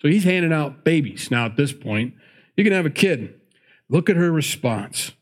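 Preaching a sermon, a man reads scripture aloud, then drifts into chatty asides between verses and corrects himself along the way. His voice is on the high side and expressive, at a moderate pace.

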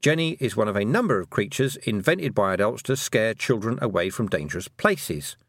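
A man voicing a brisk, sharp-tongued woman who is a witch and a teacher, in an audiobook. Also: lowish voice, expressive, no room sound. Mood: emphatic. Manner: brisk, emphatic, lecturing. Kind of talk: audiobook character voice.

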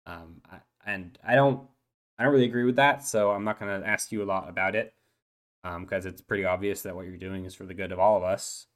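A man plays a shy eight-year-old dolphin schoolboy who rambles nervously, stammering and restarting his sentences. The voice stays fairly low. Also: fairly even intonation, a little fast, natural voice. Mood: hesitant, nervous. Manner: hesitant, stammering, full of ums and restarts. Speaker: player. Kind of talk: tabletop role-play, in character.

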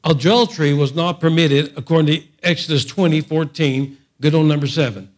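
A man preaching a sermon in an animated storytelling style, mixing humor and asides to the congregation. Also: on the high side, fairly quick.

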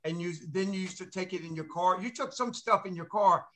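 Older man, high bright voice, teasing, chiming in with stories. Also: fairly quick. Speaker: former ballplayer on a panel. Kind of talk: casual storytelling on a panel.

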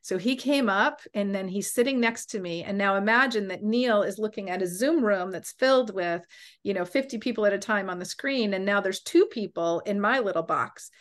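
Woman telling a story with animated voices. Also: medium pitch, normal speed. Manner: animated, acts out quoted voices. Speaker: coach and podcast host. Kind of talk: personal storytelling.

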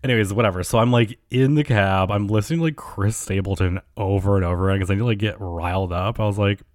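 A man with a lowish voice rants alone on his podcast, profane and sarcastic, and he rambles through his fillers. The recording is dry and close. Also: fast, a little mellow, dry recording. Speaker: podcast host. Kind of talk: casual solo rant.

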